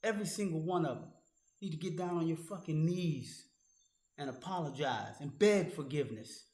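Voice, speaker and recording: Recorded with a roomy echo, a man speaking at a moderate pace in a darkish voice on the high side rants at a critic as an online commentator. His monologue is angry, profane and confrontational, directed right at that person.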